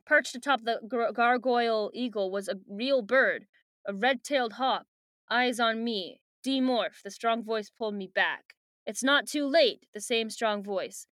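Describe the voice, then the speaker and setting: Young woman, podcast co-host, chatty book recap, bright, smooth and clear, close dry sound. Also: on the high side, a little slow, dry recording. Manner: chatty, fillers like "like" and "uh", laughs often. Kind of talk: casual book recap and chat.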